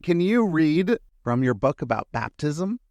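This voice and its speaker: A man hosting a podcast interview, asking questions in a relaxed, friendly way with fillers like uh and um. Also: on the high side, measured pace, no echo, clean studio sound. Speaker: podcast host. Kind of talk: casual interview conversation.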